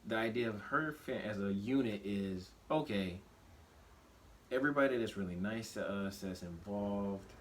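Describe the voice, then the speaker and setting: A man in his thirties with a low, grounded voice talks through his thoughts in a shop, circling back and restarting sentences as he goes. A steady background noise sits under everything he says. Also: poor audio. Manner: reflective, restarts often, animated when quoting himself. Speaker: podcast co-host. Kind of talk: casual conversation.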